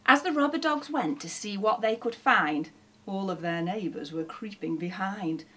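Husky woman reading a rhyming story. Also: medium pitch, expressive, unhurried, fairly bright tone. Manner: sing-song rhyming storytelling. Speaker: teacher. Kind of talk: reading a children's picture book aloud.

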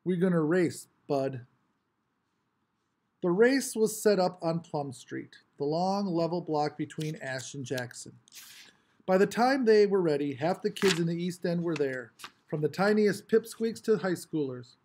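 A man reading a novel aloud with expressive, varied storytelling. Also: fairly high pitch, normal speed, a little hiss or hum. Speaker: audiobook reader.

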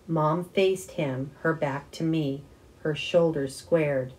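A woman reading a children's novel aloud with expressive first-person narration. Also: sits low, takes it slowly, poor audio. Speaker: audiobook reader. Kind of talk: storybook reading.

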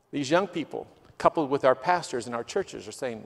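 A guest missionary delivers a testimony sermon in a church sanctuary, his mid-range voice lively in intonation, fairly quick, with few pauses. He tells stories earnestly, quotes people, and his delivery swells with emotion. The recording carries a long church reverb.

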